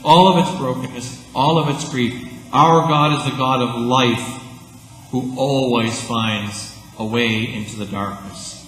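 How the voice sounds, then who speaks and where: A man preaching a sermon, swinging between loud calls and hushed asides. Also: mid-range voice. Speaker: pastor. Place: church sanctuary. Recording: echoey church hall.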